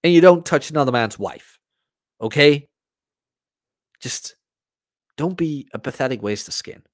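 A man's voice: on the high side, animated, unhurried, no echo, clean studio sound. A man hosting a podcast, talking in a casual, blunt and profane monologue. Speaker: podcast host.

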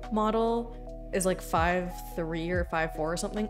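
A woman streaming live, talking in a loose, rambling way and swearing casually. Her voice sits a little low for a woman. Soft music plays quietly behind her. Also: moderate pace. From Canada. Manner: rambling, chatty, swears freely. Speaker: livestreamer. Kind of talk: casual livestream chat.

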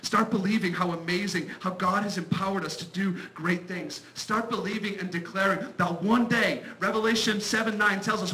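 Bright high-voiced Irish preacher. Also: male voice, fairly even intonation, normal speed, few pauses, rough recording. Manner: fervent, building to loud declarations. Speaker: missionary preacher. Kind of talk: sermon. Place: church.

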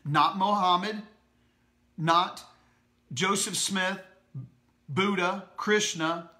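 A man's voice: high-pitched, sharp tone. A male pastor reading a Christian book aloud to his congregation, stopping to repeat lines and ask the listeners questions. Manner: slow, deliberate reading with asides to listeners.

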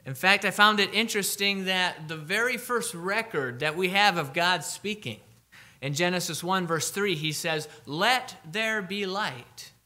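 A man preaching a sermon, emphatic, slowing down to read scripture aloud. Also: high voice, sharp tone.

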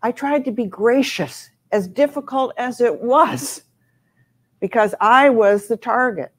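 An older woman, a former university president and panel guest, telling stories in an earnest, measured way. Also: on the high side, expressive. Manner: measured, earnest, recounts anecdotes. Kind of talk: reflective storytelling in a panel talk.

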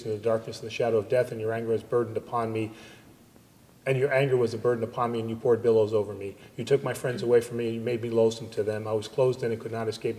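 A man serving as liturgical reader, reciting psalms in a steady, even manner at a church service. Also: medium pitch. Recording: long church reverb on a livestream.

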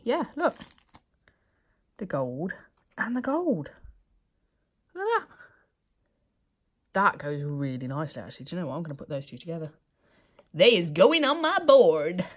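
A woman's voice: lowish voice, sing-song, normal speed, pauses often, slightly rough. A woman vlogger in her thirties chatting casually, laughing and sometimes dropping to a whisper. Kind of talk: casual vlog chat.

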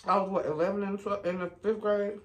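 A woman vlogger telling stories while she eats, chatty and animated, calling her viewers y'all, baby and honey. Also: fast talker. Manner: animated, with sudden rises in pitch and loudness. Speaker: mukbang vlogger. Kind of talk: casual storytime while eating.

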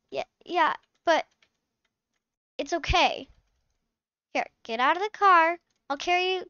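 A woman's voice: high-pitched, slow, long pauses, bright, forceful tone, dry recording, lo-fi sound. A woman hosting her channel, chatting and acting as a fussing, scolding mom in a game role-play. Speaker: channel host playing a mom.

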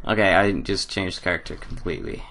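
A man's voice: sits low, steady tone, fairly quick, gravelly, bright, forceful tone, slight background noise. A young man commentating a horror game let's play, jokey and laughing a lot. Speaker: gamer.

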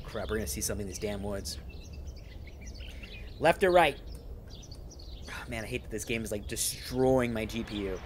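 A man's voice: fairly low pitch, normal speed, long pauses, slight background noise. A man streaming a horror game live, chatting with viewers in a jokey way and reading subtitles aloud. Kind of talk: live let's-play commentary. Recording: game music under a home stream. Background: game music.

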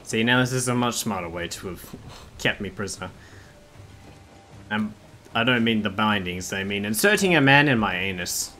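A man's voice: fairly low pitch, expressive, normal speed, pauses often, sharp tone, a little hiss or hum. A man streaming a video game, joking and sarcastic with the characters, laughing often and swearing in casual commentary.

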